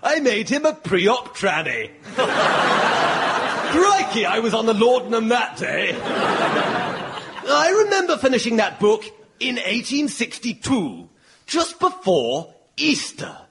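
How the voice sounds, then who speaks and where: A man's voice: extremely high pitch, sing-song, slow, pauses often, very noisy, exaggerated voice. A man voicing a pompous, shameless Victorian novelist, theatrical and self-satisfied, in a comedy radio sketch. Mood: grandiose. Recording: loud music behind the voice.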